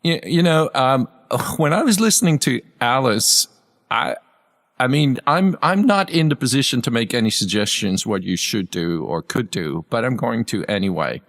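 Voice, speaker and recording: A man's voice: medium pitch, lively intonation, normal speed, a bit bright, big-room sound. Host: American man, mid-range voice, thoughtful and friendly, hesitant restarts. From United States. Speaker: podcast host. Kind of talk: casual interview chat.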